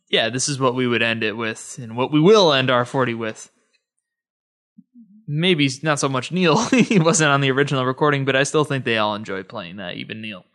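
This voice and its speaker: A man hosts a solo podcast, talking to listeners in a chatty, easygoing manner. His voice is mid-range with a fairly bright tone.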